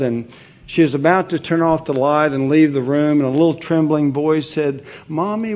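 A pastor delivering a sermon at an unhurried, deliberate pace. He speaks in an earnest, measured way and sits a little higher in pitch than most men. He pauses now and then on a filler while he explains. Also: a little mellow.

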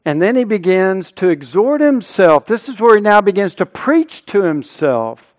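Earnest preaching man, fairly high voice. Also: big pitch swings, normal speed, dull audio. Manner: earnest preaching, rising loud and high when quoting scripture. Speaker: pastor. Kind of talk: sermon.

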